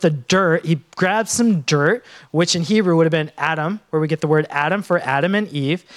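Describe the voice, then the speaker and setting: A man's voice: high-pitched, fairly bright tone. A man preaching a sermon as a pastor in church, joking often and calling on the congregation to respond.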